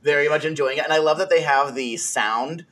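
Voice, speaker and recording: Young male co-host, slightly high voice, rambling, giggly, full of fillers. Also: fairly quick, fairly bright tone. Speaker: podcast co-host. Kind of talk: casual chat.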